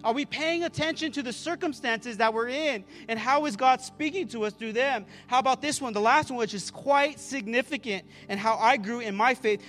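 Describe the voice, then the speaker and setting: A man's voice: extremely high pitch, moderate pace, a bit bright, faint music behind. A man preaching a sermon as pastor, calling out to the congregation and often repeating words as he restarts a phrase. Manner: fervent, calls out to the congregation.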